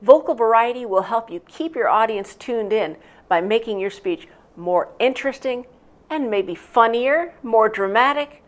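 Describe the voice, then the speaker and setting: A woman teaching public speaking walks through her lesson in a calm, instructional way. Her pitch sits in the middle, but it swings widely and expressively from line to line. She moves easily between louder and softer delivery as she explains. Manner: expressive, varies loudness and pitch. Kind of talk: instructional narration.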